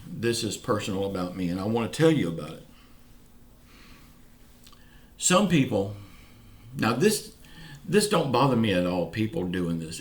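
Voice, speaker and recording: A man with a Southern US accent, from Florida, hosting a casual video update in a folksy, earnest way; some of his words come out slurred. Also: fairly low pitch. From Pensacola, Florida, US. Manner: folksy, earnest, keeps saying y'all. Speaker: channel host. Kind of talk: casual direct-to-camera update.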